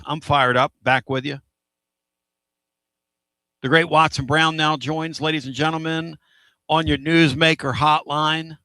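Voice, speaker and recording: Radio host guy, loud and bright, rambly and excited, dry close mic. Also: fairly high pitch, a little slow, long pauses, no echo. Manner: energetic, rambling, laughs often. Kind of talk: excitable sports radio chat.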